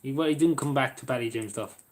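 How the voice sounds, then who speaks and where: Young irish guy on a stream, rambly, trips over his words, talks to chat by name, middle pitch. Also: fast. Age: young adult. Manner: rambling, with stumbling restarts, talking to viewers by name. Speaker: live streamer reading chat. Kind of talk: casual live-stream chat.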